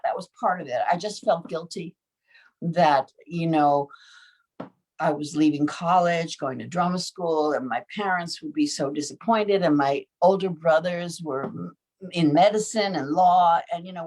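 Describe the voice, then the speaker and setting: Older woman telling lively stories. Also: on the low side. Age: 70s. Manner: lively storyteller, chuckles often, acts out quoted voices. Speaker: actress interviewee. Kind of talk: anecdotal storytelling in an interview.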